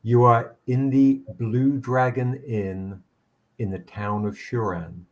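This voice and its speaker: A man's voice: mid-range voice, fairly even intonation, a little mellow. A man narrating as game master in a tabletop game, rambling with frequent restarts. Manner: rambling, halting, many restarts.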